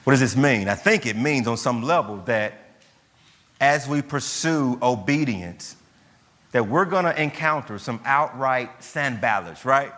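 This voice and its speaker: A man's voice: medium pitch, expressive, measured pace, fairly bright tone. A man preaching a sermon as a pastor, driving his points home with rhetorical questions and emphatic repetition. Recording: long hall reverb.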